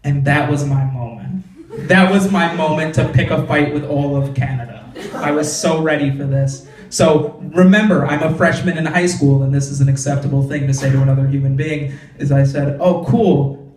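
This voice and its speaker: A young man tells stand-up jokes in a loose, chatty way, dropping in lots of "like" before each punchline. His voice sits a bit high. It echoes around the club and sounds a little distant from the mic. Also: fairly even intonation, moderate pace, a little mellow. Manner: conversational, frequent "like" fillers, punchy punchlines. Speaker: stand-up comedian. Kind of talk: stand-up comedy set. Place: comedy club stage.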